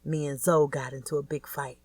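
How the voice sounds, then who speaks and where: A woman's voice: sits low, level tone, fairly quick, a little mellow, no room sound, distant mic. Narratrice jouant a scared, shook-up man calling in, nervous. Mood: shaken. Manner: nervous, rattled. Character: shaken frightened man on a phone.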